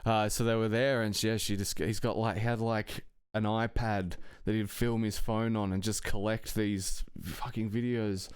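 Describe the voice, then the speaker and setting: A man's voice: fairly low pitch, little pitch movement, moderate pace, few pauses, clear, resonant tone, no echo, clean studio sound. A man telling a personal anecdote in a casual, rambling way, swearing often and chuckling between phrases. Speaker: storyteller.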